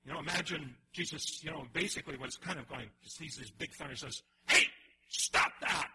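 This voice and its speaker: A man preaching a sermon in an animated way, often restarting his phrases and acting out the voices he quotes. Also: fairly high pitch, a little fast, background noise. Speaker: pastor.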